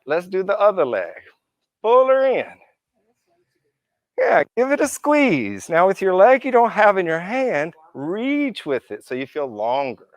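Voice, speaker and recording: Lively-voiced man leading a yoga class. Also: fairly high pitch, dry recording. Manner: encouraging, counts through poses, playful asides. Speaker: yoga instructor. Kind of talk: live guided yoga class instruction. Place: indoor yoga class room.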